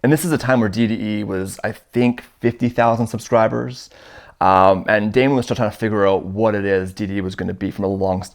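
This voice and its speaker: A Canadian man in his thirties, a guest storyteller, recounts a first-person tale in a relaxed, lively way. His slightly low voice moves at a brisk clip, and he performs the quoted lines of the characters as he goes.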